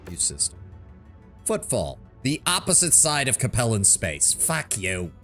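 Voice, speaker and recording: A man's voice: mid-range voice, wildly swooping pitch, measured pace. A male streamer giving casual, swearing gameplay commentary with wry reactions. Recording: game music loud under voice.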